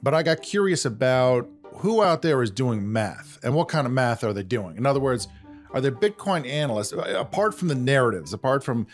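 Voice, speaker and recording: A man's voice: mid-range voice, expressive, fairly quick, soft background music. Chatty self-deprecating male podcast host. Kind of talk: conversational podcast banter.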